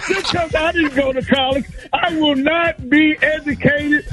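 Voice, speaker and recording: A man's voice: extremely high pitch, steady tone, a little slow, hardly any pauses, low-quality recording. A middle-aged man, a comedian calling in as a guest, teasing and complaining in an exaggerated, mock-exasperated rant. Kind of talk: comic roast on morning radio.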